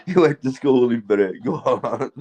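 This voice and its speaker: A man's voice: medium pitch, a little mellow, husky, low-quality recording. A man with a Yorkshire accent from England, stoned and tipsy, rambling, swearing and laughing as he chats casually with viewers on a livestream. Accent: Yorkshire English. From Keighley, Yorkshire, England. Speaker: livestream host.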